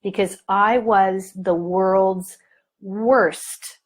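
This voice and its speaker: A middle-aged woman leads a parent training session in an unhurried, measured delivery. She tells stories with animation, jumping into little voices for the people in them. Her pitch sits in the middle range. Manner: animated storytelling, acts out scenes in lively voices. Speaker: parent coach. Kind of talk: live training talk to an online audience.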